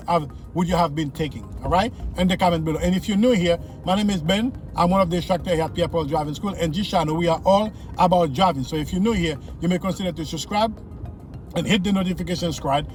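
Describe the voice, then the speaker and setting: A man's voice: high-pitched, a little fast, soft background music. Man coaching from the driver's seat. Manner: repetitive, coaching, speaks straight to viewers. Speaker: driving instructor. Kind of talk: casual in-car driving lesson commentary. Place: inside a car in city traffic.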